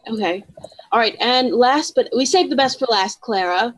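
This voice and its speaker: A woman running a tabletop role-playing game, chatty with many ums and quick asides. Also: a little high, rough recording. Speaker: game master.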